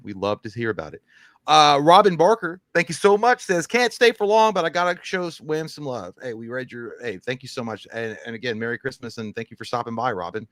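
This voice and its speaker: A man's voice: medium pitch, a bit bright, no echo. Profane joking man reading chats. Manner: loose, joking, profane, rambling. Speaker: co-host reading super chats. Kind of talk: casual live-stream chat.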